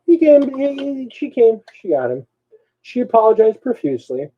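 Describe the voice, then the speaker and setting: A man co-hosting a live show, telling a story in a casual, animated way. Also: sits high, moderate pace, phone-quality sound. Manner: animated, swings between mutters and loud bursts. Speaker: co-host.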